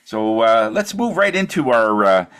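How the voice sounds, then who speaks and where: A man hosting a business meeting in a relaxed way, reporting figures and handing over to the next speaker. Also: medium pitch, unhurried, clean tone. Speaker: meeting host.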